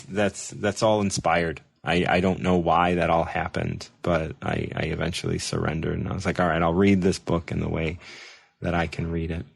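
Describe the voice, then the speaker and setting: A lower-voiced man hosts a casual show, spinning a rambling story. He mocks himself, laughs often and restarts his sentences as he gets animated. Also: vocal fry, slightly rough. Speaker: show host.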